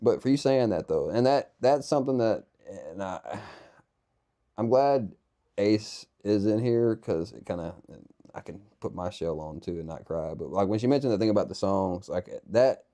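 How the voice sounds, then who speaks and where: A young man hosts a conversational interview with a very low, mellow voice. He rambles earnestly and thinks out loud between questions. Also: expressive, normal speed. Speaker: podcast host.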